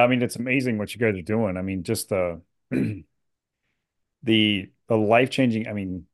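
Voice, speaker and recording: A man hosting an interview podcast, praising his guest with halting restarts. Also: fairly low pitch. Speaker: podcast host. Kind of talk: interview chat.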